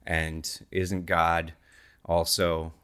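A man co-hosting an improvised comedy podcast, delivering wry deadpan punchlines. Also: deep voice, extremely slow, smooth. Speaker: podcast co-host.

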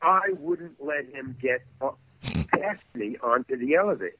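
A man's voice: medium pitch, expressive, normal speed, slightly rough, no room sound. A man telling a story in casual chat, stammering and restarting as he acts out the quotes. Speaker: guest actor telling a story. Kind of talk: casual anecdote, animated. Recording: dry, phone-like narrow sound.

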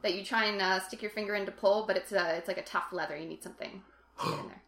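A woman narrating as game master in a tabletop game, casual and halting. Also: medium pitch, steady tone, fairly bright tone, echoey room.

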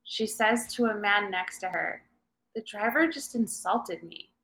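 A woman's voice: medium pitch, expressive, a bit bright, a little hiss or hum. A woman guest on a comedy podcast, hesitant and laughing a lot in casual chat. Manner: slow, hesitant, laughing often.

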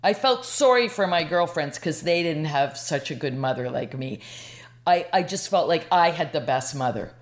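A woman's voice: low-pitched, expressive, normal speed. A woman in her sixties from Canada, a podcast guest telling a personal story in a rambling, emotional way. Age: 60s. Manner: rambling, emotional, lots of restarts.

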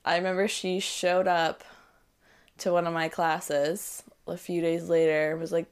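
A woman in her twenties telling a personal story as a podcast guest, chatty and animated, full of fillers. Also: low voice, measured pace, smooth. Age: 20s. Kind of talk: casual storytelling.

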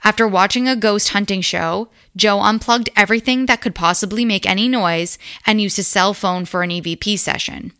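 A woman's voice: medium pitch, normal speed, hardly any pauses, bright, forceful tone. A woman co-hosting a podcast, telling a ghost story and chatting casually, with fillers and the odd swear. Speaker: podcast co-host.

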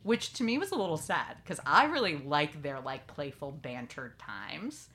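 A woman hosting a podcast, recapping a TV episode in lively casual chat and acting out lines from the scenes. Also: low voice, normal speed. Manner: lively storytelling, acts out quotes. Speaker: podcast host.

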